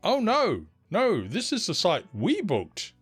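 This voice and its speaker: Casting: man putting on a whining, evasive entitled middle-aged woman, squeaky high. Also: huge pitch swings, takes it slowly, fairly bright tone, husky, faint music behind, exaggerated voice. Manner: whiny, evasive.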